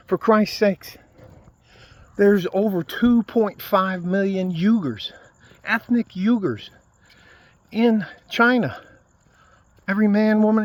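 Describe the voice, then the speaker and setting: A video blogger from the United States, with a high-sitting voice, launches into a profane, heated political rant directly to his viewers on camera. The recording is dry.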